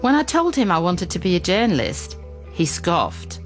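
A woman reporter and presenter narrating a scripted radio documentary in a measured, clear way. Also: on the low side, very animated, faint music behind.

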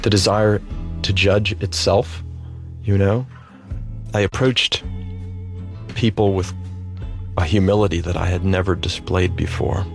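Low gravelly guy thinking out loud, slow halting words, faint guitar behind. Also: fairly even intonation. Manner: halting, thoughtful, with many pauses and fillers. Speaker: interviewee. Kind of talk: reflective personal testimony.

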